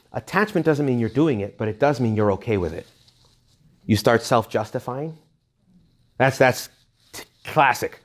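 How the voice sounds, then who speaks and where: A man giving a retreat talk to young adults, speaking conversationally, joking and often checking in with his listeners. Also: medium pitch. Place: retreat hall.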